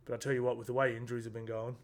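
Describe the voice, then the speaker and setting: A man's voice: medium pitch, level tone, racing. A man, rambling casually through a rugby league round recap with lots of fillers and asides. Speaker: sports tipping vlogger.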